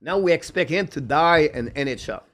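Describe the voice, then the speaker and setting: A man's voice: on the high side, lively intonation, a bit bright. A man hosting a live hockey stream, reading viewer comments in broken English with constant "uh" fillers. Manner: halting, full of "uh" fillers; broken, non-native English phrasing. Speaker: live show host.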